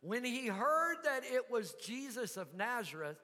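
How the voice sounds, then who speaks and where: A man preaching a sermon, telling a story with soft asides and sudden loud shouts. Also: very high voice, very animated, measured pace, long reverb tail. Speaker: pastor.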